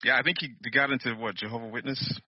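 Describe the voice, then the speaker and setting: A man co-hosting a podcast, talking bluntly with a husky voice, laughing often and swearing casually. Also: medium pitch, steady tone, fast talker, dry recording, lo-fi sound. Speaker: podcast co-host. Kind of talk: casual chat.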